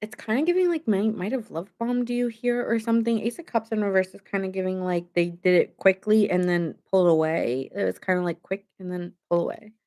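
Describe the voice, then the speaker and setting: A woman's voice: mid-range voice, brisk, hardly any pauses, a little mellow. A woman giving a casual live-stream tarot reading, chatty and rambling, thanking viewers as she goes. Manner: chatty, rambling, reads chat aloud. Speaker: tarot reader.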